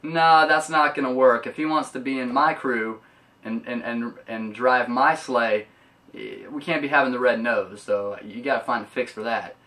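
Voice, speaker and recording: A man's voice: medium pitch, normal speed, sharp tone. A man putting on the voice of a dismissive, jerkish Santa while retelling a cartoon. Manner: blunt, offhand. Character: gruff dismissive Santa, middle-aged man. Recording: voice a bit far from mic.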